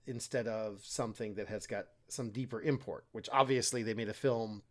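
A man co-hosting a podcast, explaining a medieval poem in a relaxed, self-deprecating way and acting out quoted lines. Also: lowish voice, normal speed. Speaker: podcast co-host, literature teacher. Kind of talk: casual literary discussion.

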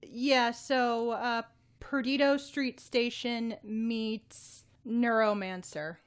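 Woman cohost, teasing and playful, kinda high voice, laughs easy. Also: steady tone, very slow. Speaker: podcast co-host. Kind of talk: casual chat.

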